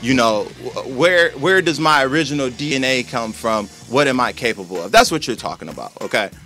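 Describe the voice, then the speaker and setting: A man's voice: mid-range voice, expressive, brisk, pushed and bright, faint music behind. An American man hosting a casual debate, earnest and reasoning his point step by step. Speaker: podcast host.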